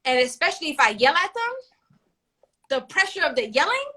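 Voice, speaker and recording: A woman co-hosting a casual chat, animated and frank, swearing freely and laughing often. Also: sits high, a little fast. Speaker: podcast co-host.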